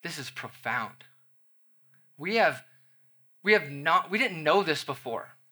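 A man's voice: on the high side, lively intonation, takes it slowly, pushed and bright. A man, the pastor, preaching a sermon to his congregation with playful, conversational asides.

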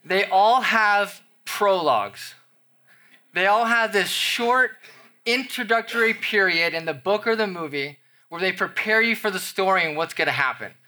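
A man's voice: high voice, pushed and bright. A man, the pastor, preaching a sermon to his congregation with playful, conversational asides.

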